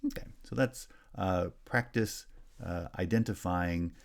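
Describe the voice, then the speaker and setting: A man teaching a linguistics lesson, explaining clearly and checking in with "right?". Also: low-pitched, unhurried. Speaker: linguistics instructor. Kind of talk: recorded lecture.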